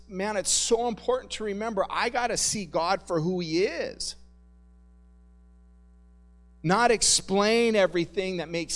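A pastor giving a relaxed, conversational sermon, joking and calling his listeners "guys.". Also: high-pitched. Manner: conversational, jokey, addresses the congregation as "guys". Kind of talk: casual sermon.

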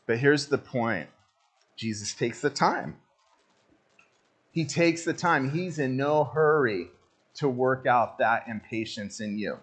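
A male pastor giving a conversational sermon, reading scripture aloud and then acting out his own impatience with lively, animated energy. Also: medium pitch, measured pace, slightly rough.

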